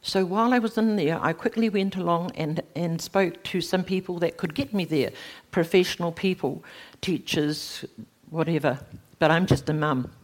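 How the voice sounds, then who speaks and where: A middle-aged woman, giving a personal faith testimony in animated storytelling, her voice leaping high at emotional moments. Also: normal speed. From New Zealand. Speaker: speaker sharing a testimony.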